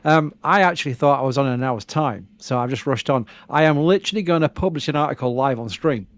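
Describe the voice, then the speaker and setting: A man hosting a live stream, talking fast and bubbly with rushed asides. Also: mid-range voice. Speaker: stream host. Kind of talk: casual live commentary.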